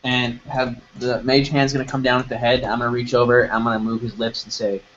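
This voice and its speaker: A man's voice: mid-range voice, flat delivery, fairly quick, a bit bright, lo-fi sound, slight background noise. A man playing a tabletop game, casually describing what his character does. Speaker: player.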